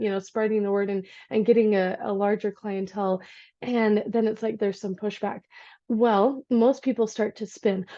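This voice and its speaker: A woman in her thirties, an energy healer, chatting casually in a vlog from her home office, animated as she retells her day. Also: mid-range voice. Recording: dull lo-fi recording.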